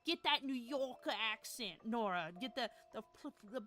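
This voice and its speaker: A woman's voice: a little high, animated, normal speed, bright, forceful tone, slight background noise. A young woman live-streaming, chatting casually and scatterbrained with her viewers, laughing often. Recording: music playing behind.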